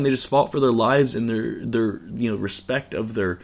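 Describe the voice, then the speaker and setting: A man's voice: mid-range voice, normal speed, creaky. A male host giving a casual reaction rant about a fight, rambling and swearing with lots of fillers and restarts.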